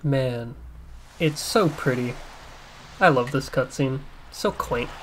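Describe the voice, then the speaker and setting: A man giving casual, crude gameplay commentary, joking and swearing and breaking into excited outbursts. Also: mid-range voice, slow, noisy background. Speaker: let's play gamer. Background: faint game soundtrack music.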